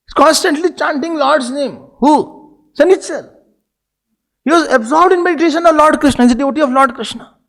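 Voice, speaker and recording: A man, a swami telling a devotional story in an animated way, dropping in Hindi phrases. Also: very high voice, fairly quick. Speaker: swami, spiritual teacher.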